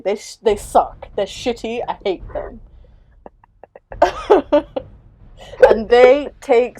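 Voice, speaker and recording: A woman's voice: mid-range voice, warm tone, rough recording. Exasperated young woman ranting casually. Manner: exasperated, sarcastic, swears freely. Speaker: host.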